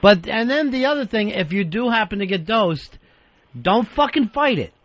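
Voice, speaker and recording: A high-pitched man hosting a talk radio show, bantering casually with callers. The audio is dull and lo-fi, like an old radio broadcast. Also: expressive, moderate pace, fairly bright tone. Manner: laughing, easygoing banter. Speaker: radio host.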